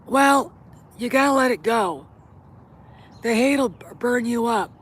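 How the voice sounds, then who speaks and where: A woman's voice: a little high, unhurried, slightly rough. Blunt, opinionated woman vlogger. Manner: blunt, opinionated, swears freely. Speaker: host. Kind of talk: casual vlog chat.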